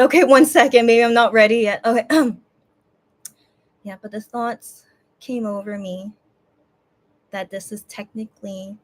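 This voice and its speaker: A woman vlogger giving a casual recap of a concert she watched, emotional and rambling, with many restarts and quoted self-talk. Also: mid-range voice. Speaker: fan vlogger.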